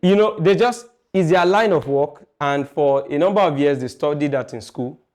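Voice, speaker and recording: A fairly high-voiced man leads a music class in a classroom. He talks in a chatty, joking way and keeps asking the students questions as he explains. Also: moderate pace, darkish tone. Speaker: music teacher. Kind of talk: classroom lecture.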